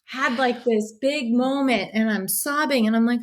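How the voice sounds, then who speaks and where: A woman in her thirties, a podcast guest telling a story in an animated, emotional way, acting out her own quotes and swearing freely. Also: on the high side, normal speed. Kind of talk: casual storytelling.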